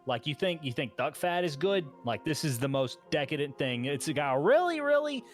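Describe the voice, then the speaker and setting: A man's voice: fairly high pitch, very animated, normal speed, faint music behind. Guy doing a jittery chef who trips over every word, nervous and eager to please. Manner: stammering, keeps restarting sentences. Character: flustered nervous male tavern chef.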